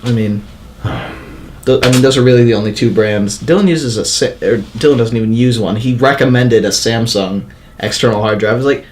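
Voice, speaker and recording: A man's voice: mid-range voice, a little fast, a little mellow. A man hosting a casual podcast chat, laid-back, dry and teasing. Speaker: podcast host.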